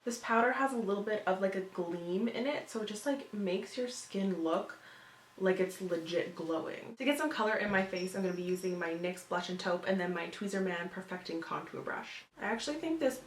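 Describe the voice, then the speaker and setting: Her voice sits in the mid range, and the audio sounds roomy with a faint hiss or hum. She's a cheerful beauty vlogger in her twenties who chats loosely through a makeup tutorial, dropping in plenty of fillers.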